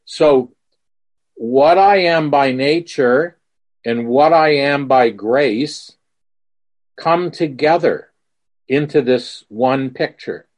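A man preaching a sermon in a slow, earnest way, telling stories with quoted dialogue to make his point. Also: medium pitch. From Mississippi.

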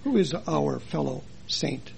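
Man, preacher, sermon, high gravelly voice, earnest rhetorical questions. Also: animated, slow pace, slight background noise. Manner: earnest, rhetorical questions, dramatic swings in loudness. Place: chapel.

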